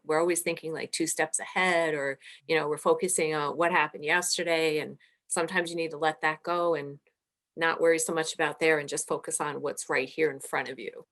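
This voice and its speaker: Chatty lower-voiced woman host. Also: a bit bright. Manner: chatty, personal anecdotes, frequent fillers. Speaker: podcast host. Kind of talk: conversational interview.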